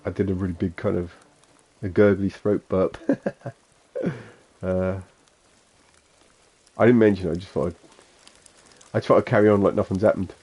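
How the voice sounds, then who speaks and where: A man's voice: low voice, fairly even intonation, normal speed, pauses often, dark tone, slightly rough. A man with a Suffolk accent chatting casually and rambling as he streams a game, chuckling to himself. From England. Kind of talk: casual gameplay chat.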